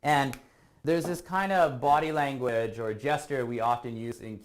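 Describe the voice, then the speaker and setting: A man's voice: medium pitch, a little slow. Man teaching English online, tagging points with questions. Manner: explains patiently, ends points with a tag question. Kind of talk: casual online language lesson.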